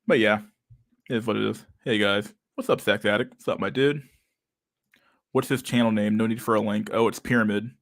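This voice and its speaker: A man's voice: lowish voice, fairly even intonation, brisk, creaky, no echo, studio quality. A young man hosting a casual livestream chat, talking with a lisp and a stutter and many fillers as he reads out chat messages. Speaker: livestream host reading chat.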